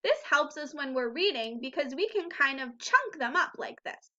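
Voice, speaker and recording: A woman teaching a phonics lesson to young children, speaking slowly and clearly and drawing out each sound. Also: sits high, lively intonation, bright, forceful tone, highs cut off. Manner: slow, clear, encouraging teacher talk with drawn-out sounds. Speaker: first grade teacher.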